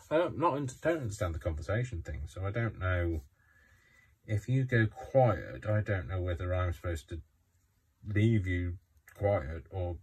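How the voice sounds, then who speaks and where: Talking to himself as he crafts at home, this weary vlogger rambles and yawns, full of ums and false starts, chatting casually to a phone camera left running. His voice sits low with a darkish, slightly rough tone, captured from a distance.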